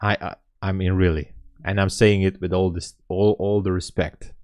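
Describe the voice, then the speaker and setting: A man's voice: low-pitched, level tone, moderate pace, darkish tone, dry recording. A man hosting a live day-trading stream, chatting casually with viewers and greeting them by name. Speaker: livestream host and day trader. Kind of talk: casual livestream chat.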